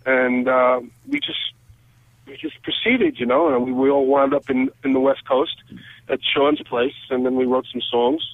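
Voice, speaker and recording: A male guitarist guest telling stories over the phone, acting out quoted conversations with lively energy. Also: medium pitch, moderate pace, no room sound. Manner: animated, acts out quoted conversations. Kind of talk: phone interview storytelling. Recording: tinny phone line.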